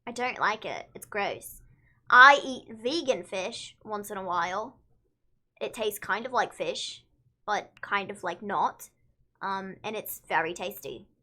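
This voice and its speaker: A woman's voice: mid-range voice, a little slow, bright, forceful tone. A young woman co-hosting a casual live stream, blunt and emphatic, repeating her points. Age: young adult. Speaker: co-host.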